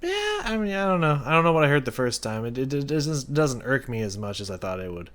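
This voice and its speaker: A man's voice: mid-range voice, animated, quick pace, a bit bright. A man hosting a music reaction video, thinking aloud as he analyzes a song and searching for his words. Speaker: music reaction channel host.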